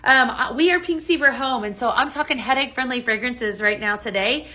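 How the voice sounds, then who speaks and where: Chatty woman host, bright and slightly high voice, live sales stream. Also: brisk. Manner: chatty and bubbly, greets viewers by name, answers their questions. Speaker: home fragrance consultant hosting a live sales stream. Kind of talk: casual live-stream product demo.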